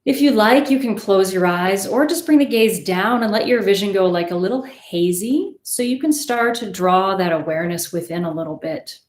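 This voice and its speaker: A woman leading a guided meditation as a yoga teacher, with gentle, unhurried guidance and soft pauses. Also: medium pitch. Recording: roomy echo.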